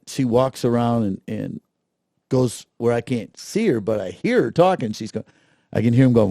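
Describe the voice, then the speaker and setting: In clean studio sound with no echo, a middle-aged man speaks at medium pitch, a little quickly, with some vocal fry. He is a festival director being interviewed casually, telling lively stories and voicing the people he quotes.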